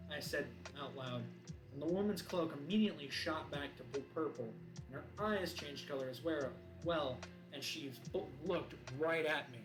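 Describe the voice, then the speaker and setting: A male streamer telling a dramatic story in an animated way. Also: on the high side, moderate pace, reverberant, rough recording. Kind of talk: improvised spoken storytelling. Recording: voice over loud background music.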